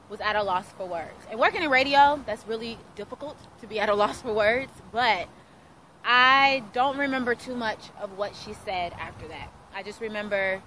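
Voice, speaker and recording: Woman in her 30s, radio host, bright clear voice, earnest testimony, faint hiss behind. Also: on the high side, rough recording. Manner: earnest storytelling, acting out quoted dialogue. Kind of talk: personal testimony.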